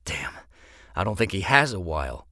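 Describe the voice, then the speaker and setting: A man's voice: low-pitched, very animated, moderate pace, pushed and bright, no room sound, clean studio sound, exaggerated voice. A male narrator voicing a young bartender in his twenties who gives urgent, commanding orders. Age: 20s. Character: young male bartender, decisive under pressure.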